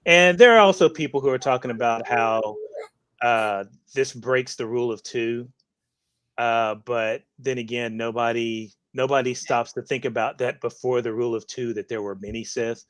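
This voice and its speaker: A man co-hosting a casual fan discussion, halting with many fillers as he gathers his thoughts. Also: mid-range voice, fairly bright tone, clear, resonant tone, dry recording. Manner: hesitant, many uh fillers and restarts. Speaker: co-host.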